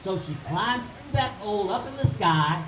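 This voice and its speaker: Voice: mid-range voice, lively intonation, moderate pace, fairly bright tone. Folksy storyteller in a skit, sing-song, roomy echo.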